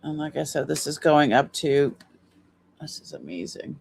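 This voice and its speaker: A woman's voice: sits low, lively intonation, normal speed, vocal fry, a little mellow, husky. A sleepy woman chatting casually on a live stream as she shows off jewelry, rambling and trailing off with fillers. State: sleepy, yawning.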